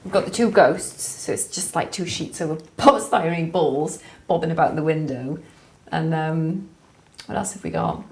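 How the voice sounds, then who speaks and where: A woman's voice: low-pitched, normal speed. A woman co-hosting a jewellery livestream, chatting casually and laughing easily.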